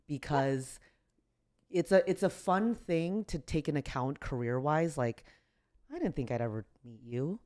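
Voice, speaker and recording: This tearful woman comedian, a podcast guest, has a low, darkish voice with lively intonation and an unhurried pace. She rambles through casual chat, full of "like" fillers and jokes at her own expense.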